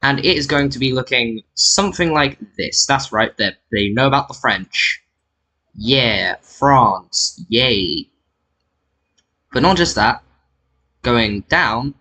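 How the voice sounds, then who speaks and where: A man's voice: mid-range voice, expressive, measured pace, bright, forceful tone, rough recording. A man narrating a map game at home in casual commentary, rambling with frequent "so yeah" fillers and self-corrections.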